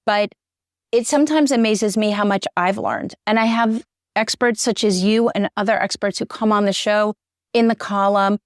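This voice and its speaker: A middle-aged woman, a journalist appearing as an interview guest, speaks earnestly in a conversational interview and gets choked up. Her mid-range voice is smooth and moderately paced, captured as clean studio sound with no echo.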